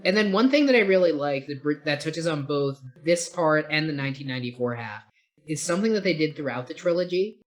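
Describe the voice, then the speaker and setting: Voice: medium pitch, animated, a little fast. A podcast co-host in casual film review chat, rambling and opinionated, swearing casually.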